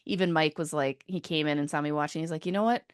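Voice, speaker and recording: A woman's voice: sits low, steady tone, fast talker, clean tone, no echo, studio quality. A woman co-hosting a casual sports podcast, joking and laughing as she chats. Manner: playful, joking, laughs often. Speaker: podcast co-host. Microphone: studio microphone.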